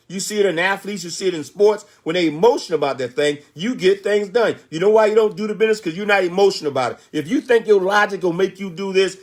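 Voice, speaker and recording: An older man giving an emphatic motivational talk, asking rhetorical questions and answering them himself, with frequent "Okay?" checks. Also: high-pitched. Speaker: motivational speaker.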